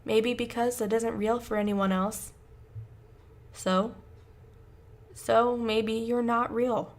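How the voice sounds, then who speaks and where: A woman's voice: on the high side, steady tone, slow pace. A woman voicing an anxious, shaky teenage boy. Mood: uncertain. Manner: shaky and pleading, breaks into screams. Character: anxious teenage boy, unsure what is real.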